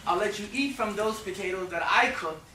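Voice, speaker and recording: A man's voice: high-pitched, normal speed, pushed and bright, voice pushed up. Man doing a tough mom, sarcastic, scolding, raised voice, roomy hall, noisy. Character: his tough, sharp-tongued mother. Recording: echoey hall, far from mic, noisy.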